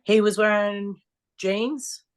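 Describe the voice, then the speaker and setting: A strongwoman athlete, appearing as a podcast guest, tells blunt stories full of swearing in a casual interview, animated as she goes. Her voice is medium-pitched, slow and clean in tone.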